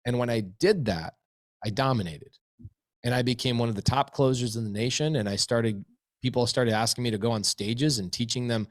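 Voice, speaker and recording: A man's voice: medium pitch, a little fast, no room sound, clean studio sound. A man being interviewed, telling business stories with emphatic repetition. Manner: emphatic, repeats phrases for effect. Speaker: interview guest, real estate investor. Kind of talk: energetic storytelling in an interview.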